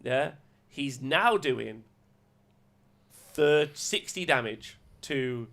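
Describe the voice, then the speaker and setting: Gravelly-voiced man in casual chat. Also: mid-range voice, expressive, extremely slow, fairly bright tone. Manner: laughs often, jokey, reads rules aloud. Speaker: podcast host. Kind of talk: casual chat about wargaming rules.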